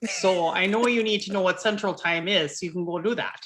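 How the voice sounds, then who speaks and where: A woman hosting a casual political chat, animated and emphatic. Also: lowish voice, fairly quick. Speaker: host.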